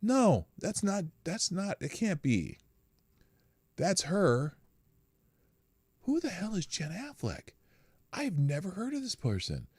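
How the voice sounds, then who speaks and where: A man's voice: sits high, wildly swooping pitch, slow pace, pauses often, a little mellow, slightly rough, dry recording, clean studio sound. A man hosting a casual morning live stream, chatting wryly and greeting viewers in the chat by name.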